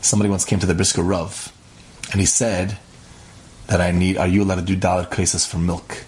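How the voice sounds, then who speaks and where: A man with a very low voice narrates in a relaxed, conversational manner. He voices the characters' dialogue himself as the story moves along, with faint background hiss behind him. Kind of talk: casual spoken storytelling.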